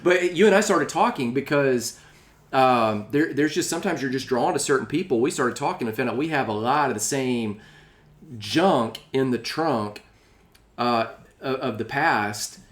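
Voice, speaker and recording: A man's voice: medium pitch, expressive, normal speed. A man hosting a podcast in casual chat, rambling and restarting his sentences, often laughing along with his guest. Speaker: podcast host.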